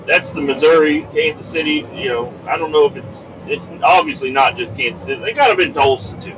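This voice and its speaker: Man, fairly high voice, profane driving ramble, distant muffled mic, loud road noise. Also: a little fast. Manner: profane, rambling, exasperated rants. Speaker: podcast host. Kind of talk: casual rambling monologue while driving. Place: inside a moving vehicle on the highway. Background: car and road noise.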